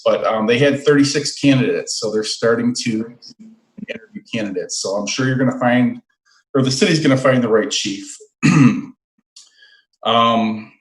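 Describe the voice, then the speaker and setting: A middle-aged man, a fire chief, giving an unhurried, earnest safety report at a city meeting. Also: mid-range voice. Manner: plain-spoken, earnest, unhurried. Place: council meeting room. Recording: echoey meeting room.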